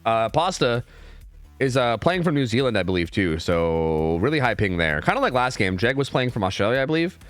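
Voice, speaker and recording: A man casting game scrims on a live stream in a casual, chatty way, often repeating words in quick bursts. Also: mid-range voice, big pitch swings, no echo, faint music behind.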